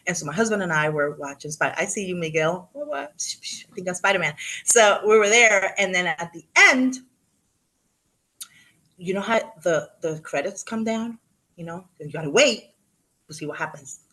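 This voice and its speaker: A woman in her fifties giving a motivational talk to a live audience, telling animated stories, acting out what people said and dropping in Spanish words. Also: on the low side, normal speed. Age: 50s. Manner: animated storyteller, acts out quotes, mixes in Spanish. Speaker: real estate agent and motivational speaker.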